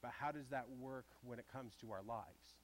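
A man's voice: medium pitch, moderate pace, slight background noise. A man preaching a sermon in a church, conversational and asking the congregation direct questions. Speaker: pastor.

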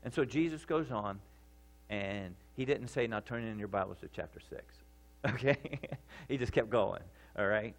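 A man preaching a sermon in a conversational way, often checking in with his listeners and getting louder and higher for emphasis. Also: moderate pace. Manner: rises in pitch and volume for emphasis. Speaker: pastor.

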